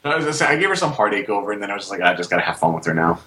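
A man's voice: lowish voice, big pitch swings, very fast, bright, forceful tone, roomy sound, a little hiss or hum, rough recording. A young man in his twenties telling a rambling, casual story with laughing asides. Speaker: guest storyteller.

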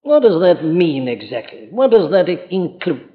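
A man's voice: fairly high pitch, big pitch swings, measured pace, few pauses. Man preaching a sermon, emphatic and earnest, lots of rhetorical questions, big echoey church, muffled old tape. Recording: dull lo-fi archive recording in a reverberant hall.

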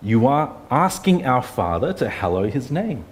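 A man preaches at a middle pitch, earnest and conversational. He leans on rhetorical questions and talks his listeners through each point plainly. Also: sing-song, a little slow. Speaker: pastor. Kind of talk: sermon.

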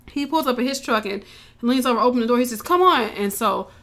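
A woman recapping a show in casual, animated storytelling, swearing freely and acting out the characters' lines. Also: on the high side, quick pace. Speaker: podcast co-host recapping a show.

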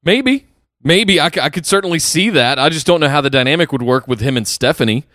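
A man's voice: on the high side, lively intonation, fairly quick, fairly bright tone, no echo, studio quality. A man co-hosting a podcast, chatting casually and thoughtfully about a wrestling show. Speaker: podcast co-host.

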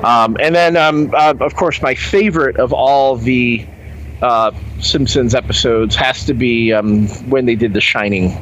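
A man's voice: mid-range voice, unhurried, a bit bright, slight background noise, rough recording. A man in casual chat about TV, wry and rambling, with some fillers.

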